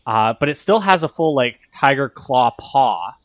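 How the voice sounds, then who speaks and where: A man's voice: mid-range voice, animated, normal speed, no echo. A man running a tabletop game as game master, describing things in a meandering way with many fillers.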